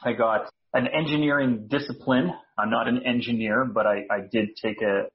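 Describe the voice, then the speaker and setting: A Canadian man chats as a podcast guest, relaxed and self-deprecating, often breaking into a laugh. His voice sits in an ordinary middle range. The recording is a bit dull and lo-fi. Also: medium pitch, normal speed. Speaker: guest, speaker coach. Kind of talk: casual podcast interview.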